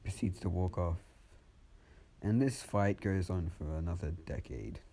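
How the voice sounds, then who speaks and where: Deep-voiced man rambling through a story. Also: animated, a little slow, warm tone. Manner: rambling, frequent restarts, swearing. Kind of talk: casual improvised storytelling.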